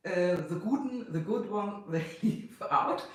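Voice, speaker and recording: A German man from Hanover with a German accent, chatting casually on a livestream, halting and laughing often. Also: sits high. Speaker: livestream host. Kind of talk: casual chat. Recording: very echoey room.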